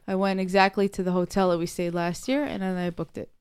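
A woman's voice: lowish voice, level tone, fast talker, a little mellow, clean tone, dry recording. A woman co-hosting a podcast in casual, chatty conversation. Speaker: podcast co-host. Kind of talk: casual chat.

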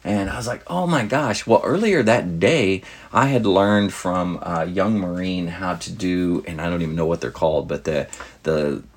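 A man with a deep, low-set voice and a husky, slightly rough edge tells a long anecdote in a relaxed, meandering way. He strings his story together with many fillers and restarts, in the tone of a casual host chatting with listeners. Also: moderate pace. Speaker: podcast host.

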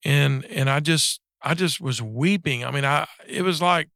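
A man in his forties giving a personal faith testimony in casual conversation, halting and earnest, with many restarts and fillers. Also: a little high, creaky, fairly bright tone, no echo, clean studio sound. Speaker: guest sharing a faith story.

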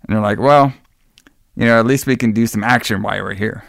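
A man's voice: fairly low pitch, fairly quick, vocal fry, a bit bright, no echo, clean studio sound. A man co-hosting a podcast, rambling casually as he retells a film's plot with loose, profane asides. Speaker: podcast co-host recapping a film. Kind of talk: casual chat.

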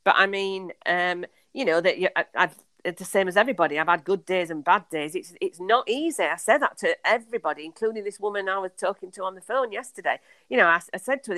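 A woman's voice: medium pitch, fast, sharp tone, no room sound. A woman, a podcast guest, talking chattily and enthusiastically with many fillers and restarts. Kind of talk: casual conversational storytelling.

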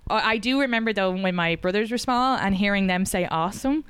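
A woman from Ireland with a Kildare Irish accent, a comedian chatting on a podcast and telling stories with quick asides. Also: medium pitch, fairly bright tone, clear, resonant tone, no echo. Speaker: comedian guest. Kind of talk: casual podcast chat.

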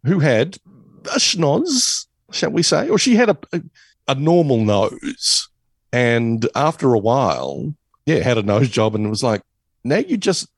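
A man with a husky voice trades casual banter, laughing between remarks and swinging his pitch around. The sound is close and dry. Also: sing-song, a little slow, dry recording. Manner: laughs often, tries impressions. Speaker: podcast co-host. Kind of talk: casual chat.

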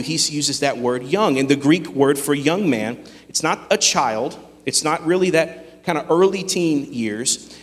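A man preaching a sermon, earnest and emphatic, with dramatic pauses. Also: a little high, in a large hall. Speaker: pastor.

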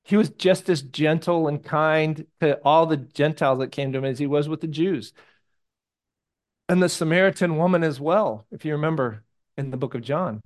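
A man preaching a sermon in a conversational, animated way, with jokey personal stories, hushed asides and sudden loud bursts. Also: on the high side, moderate pace. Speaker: pastor.

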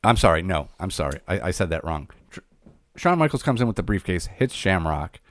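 A man with a very low, deep voice talks through a recap in an easygoing, plain way. The sound is close and dry, with no room around it. He keeps an unhurried, conversational tone. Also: big pitch swings, no echo. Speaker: podcast co-host recapping wrestling. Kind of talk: casual chat.

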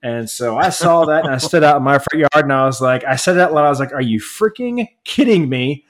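A man from the United States co-hosting a podcast, telling long rambling stories, often laughing and growing animated as he rants. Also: a little high, fast talker. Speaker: podcast co-host. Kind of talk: casual chat.

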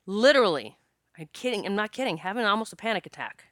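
A woman's voice: mid-range voice, expressive, fast, fairly bright tone, dry recording, studio quality. A woman telling a personal story in a candid, casual way, laughing often and swearing freely.

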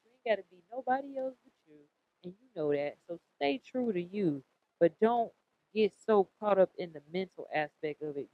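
A woman in her late thirties hosting a podcast, giving a casual tarot reading in a blunt, profane and animated way, often repeating herself. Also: medium pitch. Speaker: podcast host. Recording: dull lo-fi recording.

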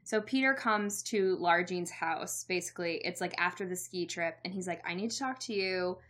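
A woman's voice: lowish voice, normal speed. A young woman in casual chat, telling a story with lots of "like", laughing and acting out quoted lines. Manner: animated storyteller, acts out quotes, frequent "like" and laughs. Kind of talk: casual chat recapping a movie.

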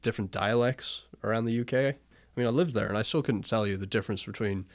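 A man's voice: fairly low pitch, fast, no echo. A man co-hosting a casual film podcast, opinionated, often restarting his sentences. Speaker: podcast co-host.

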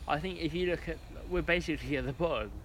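Fast-talking English man in podcast banter. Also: a little high, a little hiss or hum. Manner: quick-talking, opinionated banter. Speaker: podcast co-host. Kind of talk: casual chat. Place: outdoors in the evening.

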